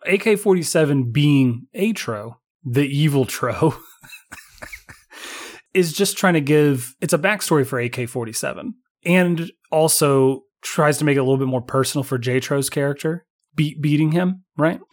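A man's voice: a little high, a little slow. Rambling man talking about a movie. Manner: rambling, restarts, repeats words. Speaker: podcast co-host. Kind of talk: casual movie-review chat.

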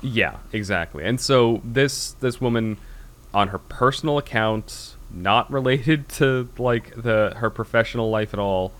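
A man's voice: medium pitch, measured pace, fairly bright tone. An American man hosting a podcast, talking in a rambling, casual way with lots of restarts. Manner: rambling, with many fillers and restarts. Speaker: podcast host. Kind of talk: casual chat.

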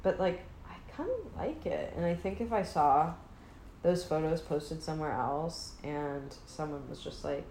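A woman's voice: low-pitched, moderate pace, dark tone. A young adult woman hosting a podcast alone, chatting casually and rambling in a joking, self-mocking way. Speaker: podcast host. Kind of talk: casual solo chat. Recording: roomy with faint hiss.

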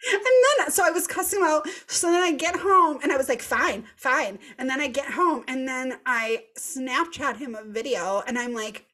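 A woman in her thirties hosting a podcast, telling a story in casual chat, animated and laughing as she goes, swearing freely. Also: high-pitched, moderate pace, few pauses. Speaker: podcast host.

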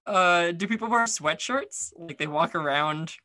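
A man co-hosts a podcast in a loose, rambling chat, full of fillers and restarts. His voice sits a touch high and rings bright, and the recording is dry and close. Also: measured pace, dry recording. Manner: chatty, rambling, many fillers. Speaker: podcast co-host. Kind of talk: casual chat.

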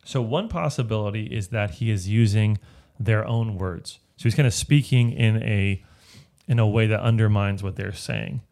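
A man's voice: fairly low pitch, moderate pace, a little mellow. A man leading a casual Bible study, explaining a passage step by step and often checking in with "right?". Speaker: Bible teacher.

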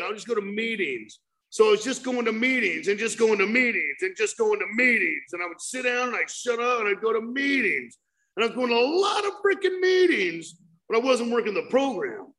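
A man giving a personal recovery share at a meeting, animated storytelling with bursts of shouting and lots of fillers. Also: high voice, gravelly, low-quality recording.

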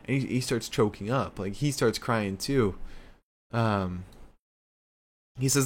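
A man's voice: lowish voice, takes it slowly, pauses often. A man giving a casual wrestling recap, rambling with many fillers and frequent swearing.

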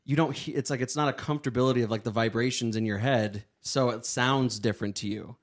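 A man's voice: mid-range voice, steady tone, fast. A young man hosting a casual podcast chat, rambling and self-deprecating, often breaking into laughter. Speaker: podcast host.

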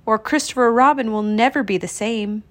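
A woman voicing a gentle, simple-minded male teddy bear in a storybook reading, with a mild, wondering manner. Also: fairly high pitch, a little fast, natural voice.

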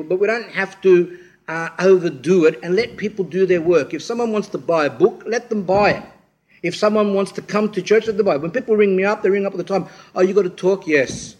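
A middle-aged man delivering an informal church sermon, his voice sitting a little high for a man. He rambles through personal anecdotes, often restarts his sentences, and acts out the people he quotes. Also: brisk. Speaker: speaker at a church talk.

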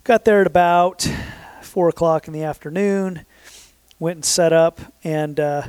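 Man, 30s, easygoing storyteller with a slightly high voice, dry close sound, meandering and self-correcting. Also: fairly even intonation, a little slow, a little mellow, clean tone, no room sound. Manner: rambling, self-correcting, frequent fillers. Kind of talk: casual storytelling. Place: southern Utah.

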